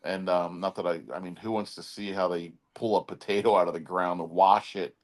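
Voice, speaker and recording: A man's voice: sits low, steady tone, a little fast. A man with a Philadelphia accent hosting a podcast, rambling in casual chat and mimicking how other people talk. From Philadelphia area. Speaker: podcast host.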